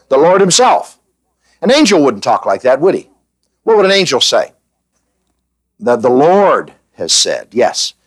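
A man's voice: medium pitch, a bit bright, dry recording. A man preaching in conversational Bible-teaching style, who asks the listeners questions and fills gaps with "uh".

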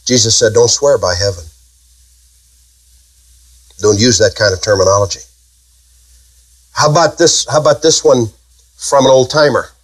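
A man's voice: mid-range voice, normal speed, pauses often, husky, poor audio. A man preaching a sermon, emphatic and full of rhetorical questions to his congregation.

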